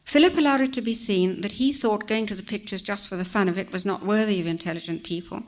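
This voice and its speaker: Woman narrating a story, measured. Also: mid-range voice.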